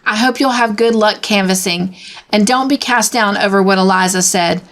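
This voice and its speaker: A woman's voice: mid-range voice, moderate pace, fairly bright tone, close to an everyday voice. A woman reading aloud and voicing a cheerful, optimistic older woman who speaks firmly and hopefully. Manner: firm, hopeful.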